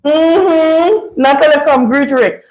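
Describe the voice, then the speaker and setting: A woman's voice: high-pitched, slow, darkish tone, rough recording. A woman from St. Vincent with a Vincentian accent, chatting casually as host of a livestream. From St. Vincent and the Grenadines.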